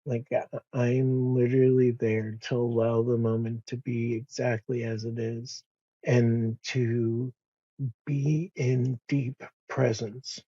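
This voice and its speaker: A man speaks slowly and softly in a reflective podcast conversation, pausing and restarting as he goes. His voice is mellow and a little husky. The recording is dry and slightly dull. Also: medium pitch, level tone, no room sound. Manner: slow, soft-spoken, with many pauses and restarts. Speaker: podcast guest.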